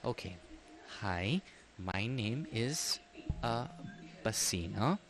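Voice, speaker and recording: A man puts on a furious halfling mother, shaking with fear for her lost son, who snaps her demands with a lively, swooping voice in a tabletop game. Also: fairly low pitch, slow, a crowd in the background, pitched below the performer's own voice. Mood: urgent. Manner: demanding, shaky, sharp. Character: frantic angry halfling mother, middle-aged woman.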